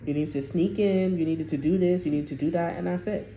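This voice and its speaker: A woman's voice: lowish voice, steady tone, fairly quick, warm tone. A woman giving a casual tarot reading, talking bluntly and swearing, acting out what others say in a raised voice. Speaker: tarot reader. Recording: roomy sound with faint music.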